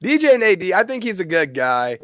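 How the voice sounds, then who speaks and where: A man's voice: high voice, moderate pace, no echo, muffled recording. A man with a slightly raised voice rambles casually with plenty of "like" and "uh". The recording is dry and close, with no room sound around him. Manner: relaxed, rambling, filler-heavy. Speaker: podcast host. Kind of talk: casual chat.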